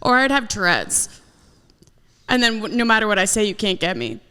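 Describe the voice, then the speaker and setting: A woman's voice: medium pitch, big pitch swings, moderate pace, bright, forceful tone, long reverb tail, slight background noise. A woman co-hosting a podcast in casual chat, blunt and profane in her banter. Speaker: podcast co-host.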